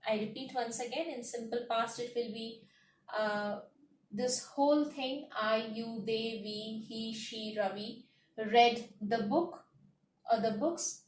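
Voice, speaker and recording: A woman teaching a grammar lesson, slowly listing words one by one and repeating her points. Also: fairly high pitch, fairly even intonation, distant mic, slight background noise. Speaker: English teacher. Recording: echoey room, voice off-mic.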